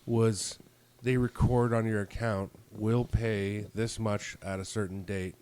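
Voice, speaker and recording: A man's voice: on the low side, flat delivery, slow pace, a little mellow, clean tone. A man on a podcast, telling a story in casual chat, acting out both sides of phone calls and swearing freely. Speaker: podcast co-host.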